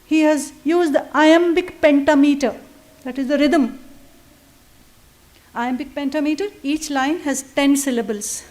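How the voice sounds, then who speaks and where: A woman giving an earnest, reverent public lecture. She slows down to recite verse. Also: sits high, a little mellow. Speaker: guest speaker. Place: lecture at a public affairs institute.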